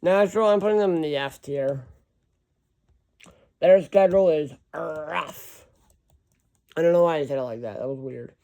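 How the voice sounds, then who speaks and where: A man's voice: on the high side, animated, fast talker, few pauses, darkish tone, muffled recording. A man in casual solo commentary, rambling and correcting himself as he reads long lists of teams aloud. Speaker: hockey fan ranking team schedules.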